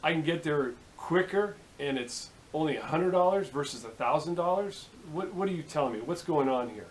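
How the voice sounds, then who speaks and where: A man voicing a hurried male traveler in a spoken joke, urgent and pleading, close to his own voice. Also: fairly high pitch, animated, slight background noise, close to an everyday voice.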